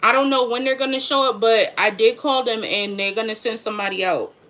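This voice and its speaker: Frustrated woman with a bright voice. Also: fairly high pitch, fairly quick. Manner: frustrated, emphatic, repeats herself. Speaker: mother, vlogger. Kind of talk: venting to camera.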